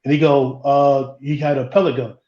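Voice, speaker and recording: A man, a podcast co-host, tells a personal story in a group discussion, halting and repeating words as he goes. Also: mid-range voice, flat delivery, reverberant, lo-fi sound.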